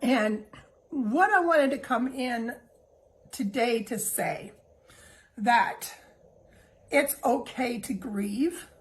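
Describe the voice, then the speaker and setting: A middle-aged woman talks straight to her listeners in a heartfelt monologue, her somewhat high voice soft and reassuring. She takes her time, leaving long pauses between thoughts. She sounds emotional and close to tears. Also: rough recording. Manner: gentle, unhurried, reassuring. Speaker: host.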